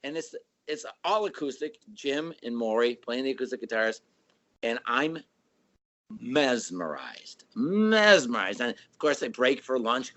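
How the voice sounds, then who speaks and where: A man in his sixties from the Chicago area, a band member guest telling stories and acting out voices. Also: mid-range voice. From Chicago area, USA. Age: 60s. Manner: animated, acts out voices in stories. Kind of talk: casual storytelling.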